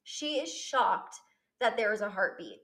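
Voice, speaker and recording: A woman's voice: mid-range voice, expressive, unhurried, a bit bright. A young woman telling a personal story on her vlog, candid and emotional, swearing freely. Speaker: vlogger.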